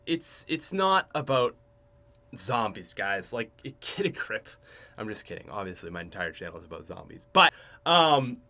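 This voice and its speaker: Lively, bright-voiced young male podcaster. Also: mid-range voice. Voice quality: chatty, joking, self-mocking. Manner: restarts and trails off often, swings loud and soft. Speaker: podcast host. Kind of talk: casual rambling story.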